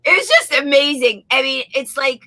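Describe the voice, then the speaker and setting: A woman with a New York accent, an interview guest telling anecdotes quickly and acting out the voices of the people in them. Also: high-pitched, expressive, vocal fry, sharp tone, dry recording, low-quality recording. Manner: rapid, acts out every voice in her stories. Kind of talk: animated anecdotal storytelling.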